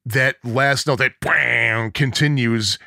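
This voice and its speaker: A man's voice: lowish voice, lively intonation, normal speed, a bit bright, no echo, studio quality. A man co-hosting a casual music podcast, humming parts of songs to make his points. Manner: sings sounds and riffs to show music. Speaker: podcast co-host.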